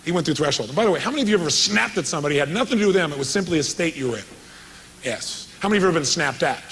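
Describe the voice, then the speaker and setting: A man's voice: fairly high pitch, expressive, rapid-fire, a bit bright, slight background noise, low-quality recording. A man giving a live motivational seminar, telling a story with energy and quizzing his audience. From California. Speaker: motivational speaker.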